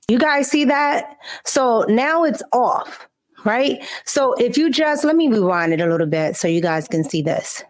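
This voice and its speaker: A woman hosting her own commentary channel. She talks in a sassy, emphatic way, full of casual slang. Her voice sits a little high for a woman. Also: animated, unhurried. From of Cuban family. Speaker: host. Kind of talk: opinion commentary.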